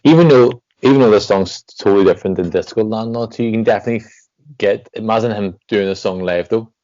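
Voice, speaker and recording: A man's voice: on the low side, steady tone, fast talker, dark tone, no room sound. An Irish man chatting casually on a reaction video, frank and laid-back, swearing now and then. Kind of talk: casual chat. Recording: dry, dull lo-fi audio.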